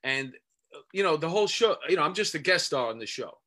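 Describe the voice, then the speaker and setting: A man's voice: fairly high pitch, quick pace. A man with a New York accent, an actor, talking emphatically in casual chat with plenty of fillers. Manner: emphatic, animated, many fillers. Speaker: actor, co-host.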